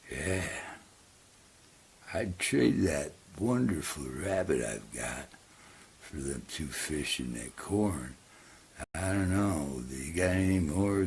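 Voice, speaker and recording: A man voicing a sly, smooth-talking male weasel who swindles in a folk story, with a wheedling, salesy manner. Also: extremely low pitch, a little mellow, exaggerated voice.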